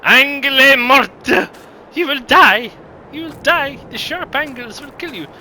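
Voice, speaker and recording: A man's voice: extremely high pitch, slow, sharp tone, slight background noise, pitched above the performer's own voice, heavily acted. A man putting on a melodramatic, theatrical voice of warning, like a doom-laden game announcer. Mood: menacing.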